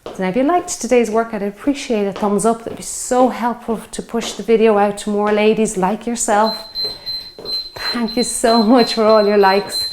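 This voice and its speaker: Here a woman in her 50s instructs a home workout, encouraging her followers while exercising herself and catching her breath a little. The mid-range voice has fairly even intonation, a moderate pace, and a darkish tone, with a little hiss or hum.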